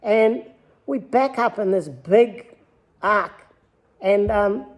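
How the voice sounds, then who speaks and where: A man's voice: high-pitched, slow pace. A man with a New Zealand accent who makes lures, telling his story in an easygoing, rambling way in an interview. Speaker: lure maker.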